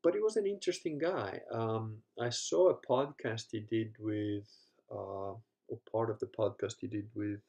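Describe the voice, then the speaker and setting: A podcast host with a gravelly, mellow, lowish voice speaks at a measured pace on a casual livestream. Tired from a long day on his feet and dealing with leg cramps, he rambles, swears and laughs often.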